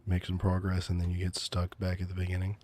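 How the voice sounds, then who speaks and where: Soft-spoken deep-voiced man, whispered role-play. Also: fast. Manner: soft, teasing, mock-menacing calm. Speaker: VTuber streamer.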